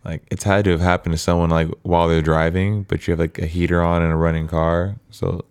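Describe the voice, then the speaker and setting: Deep-voiced curious man, dry sound. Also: flat delivery, fast, a little mellow, smooth, no room sound. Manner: curious, asks lots of questions. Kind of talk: casual chat.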